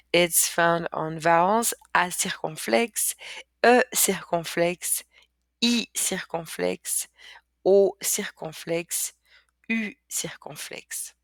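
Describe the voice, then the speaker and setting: A woman's voice: fairly low pitch, no echo, studio quality. A woman teaching a language lesson in English, patiently repeating words and often saying "okay". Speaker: French teacher.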